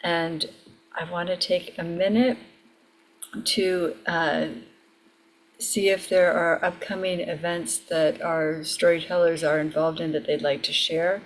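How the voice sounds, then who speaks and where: A woman hosting an online storytelling event over a video call, gentle and appreciative. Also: on the low side, fairly even intonation, slow, slight background noise. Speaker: event host.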